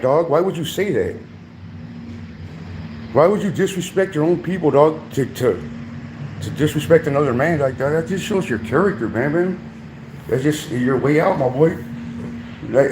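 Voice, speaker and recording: A man, ranting confrontationally into a livestream with a fairly high-pitched voice. He speaks in heated, repetitive bursts and keeps calling his target dog and my boy. Faint noise sits under his voice. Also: darkish tone.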